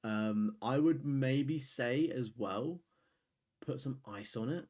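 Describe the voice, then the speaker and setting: A man's voice: mid-range voice, takes it slowly, a little mellow. Chatty man streaming live. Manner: rambling, chatty, reads and answers chat. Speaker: streamer host. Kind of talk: casual live-stream chat.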